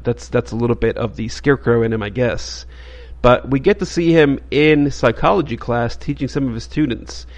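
A man hosting a podcast, casually retelling a comic book story in a rambling way with frequent fillers. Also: medium pitch. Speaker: podcast host.

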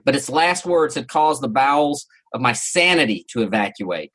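A man's voice: mid-range voice, lively intonation, moderate pace, fairly bright tone, slightly rough. A man hosting a podcast, giving a theatrical first-person story reading with mock-serious relish. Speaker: podcast host.

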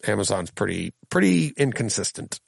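Chatty man with a gravelly low-middle voice. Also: very animated, normal speed. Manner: rambling, chuckles often, restarts sentences. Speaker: podcast host. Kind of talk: casual podcast chat reading listener comments.

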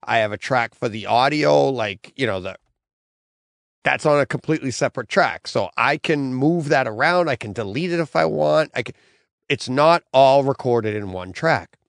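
Gravelly middle-aged man telling a rambling story. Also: medium pitch, expressive, normal speed, no echo, clean studio sound. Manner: rambling storyteller, acts out his own quotes. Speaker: podcast host. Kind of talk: casual podcast chat.

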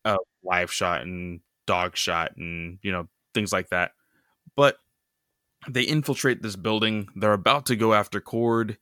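A man chatting casually on a podcast. His voice is bright and forceful, sitting a touch low, and the sound is close and dry. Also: steady tone, unhurried, dry recording. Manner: loose, filler-heavy retelling with many "you know" and "like". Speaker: podcast co-host recapping a comic. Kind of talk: casual chat.

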